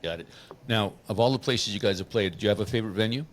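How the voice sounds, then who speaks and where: Lowish male co-host, brief and direct, jokey. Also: slight background noise. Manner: brief, direct questions, quick to joke. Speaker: podcast host. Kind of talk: casual interview questions.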